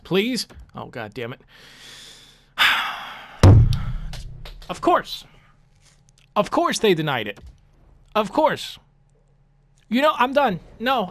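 A man's voice: sits high, fairly bright tone, dry recording. A young man commentating his video game play, frustrated and profane, ranting about his team. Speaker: gaming commentator.

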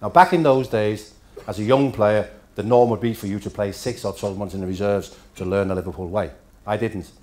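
A man's voice: on the low side, brisk, a little mellow. Danish-born man telling after-dinner stories. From Denmark. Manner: dry storytelling with punchlines. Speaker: after-dinner guest speaker. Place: hotel function room at a dinner.

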